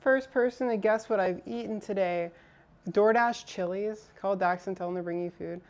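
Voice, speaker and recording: A woman's voice: mid-range voice, moderate pace. A woman streaming live, chatting casually with her viewers as she builds a PC, swearing now and then. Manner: chatty, talks to chat while assembling a PC.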